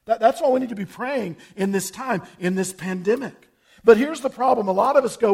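A man preaching to his congregation, weaving folksy jokes and stories into the message. His voice sits high for a man, with a gravelly edge and a husky, slightly rough tone. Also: a little fast, darkish tone. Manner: storytelling, conversational, with folksy jokes. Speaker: pastor. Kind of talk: sermon.

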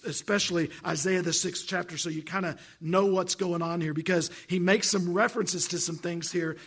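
A man's voice: high-pitched, gravelly, husky. A man preaching a sermon, stammering through restarts and putting questions to the congregation. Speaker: pastor. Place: church sanctuary.

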